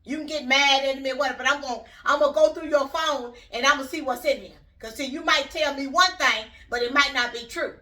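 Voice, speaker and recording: Bright-voiced blunt woman vlogger. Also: high voice, fast talker, hardly any pauses, far from the mic. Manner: blunt, rambling, talks straight to viewers. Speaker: YouTube channel host. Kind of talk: casual opinion vlog.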